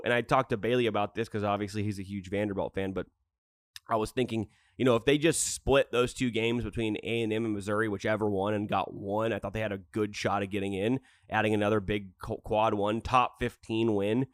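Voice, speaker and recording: A man's voice: fairly low pitch, fairly even intonation, brisk, dry recording. Laid-back man co-hosting a sports podcast. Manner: loose, laughing, rambling storyteller. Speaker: podcast co-host. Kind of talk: casual sports podcast chat.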